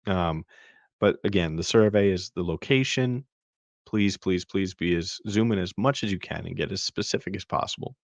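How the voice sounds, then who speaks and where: This podcast host speaks in a low voice at normal speed, with no room sound. He casually walks through a web map on screen, with plenty of fillers and restarts.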